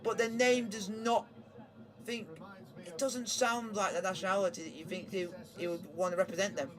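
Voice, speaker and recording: A very high-pitched man talks casually over a live match broadcast, rambling from one thought to the next. A loud stadium crowd roars behind him. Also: flat delivery, normal speed. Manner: chatty, rambling, cheering. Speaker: streamer hosting a live watchalong.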